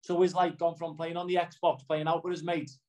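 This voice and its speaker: A middle-aged footballer with a Liverpool accent is interviewed casually, rambling and frequently asking "do you know what I mean". His voice is on the high side and a little mellow, delivered flatly at a moderate pace on a rough recording.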